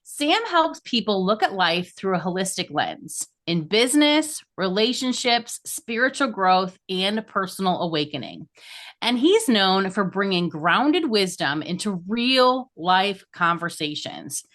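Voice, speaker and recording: A woman with a mid-range voice hosts a podcast interview. She sounds enthusiastic and leans hard on key words with sharp rises in pitch. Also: very animated, a little slow. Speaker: podcast host.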